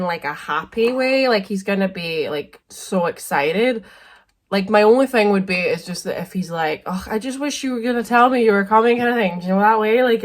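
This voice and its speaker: Young woman, casual vlogger, rambling and chatty, mid pitch, roomy echoey kitchen sound. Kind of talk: casual vlog chat. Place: home kitchen. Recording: echoey room.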